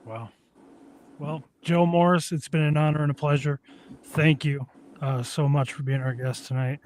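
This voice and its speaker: A man's voice: on the high side, fairly even intonation, moderate pace, a little mellow, a little hiss or hum. A man hosting a podcast, giving brief reactions to his guest and closing with thanks. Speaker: podcast host. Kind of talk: podcast interview.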